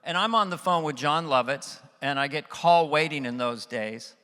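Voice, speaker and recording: A man doing stand-up at a private event, telling a story in an animated, self-mocking way, heard in a reverberant hall. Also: a little high, moderate pace, smooth. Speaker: stand-up comedian. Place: event stage. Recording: reverberant hall with faint music.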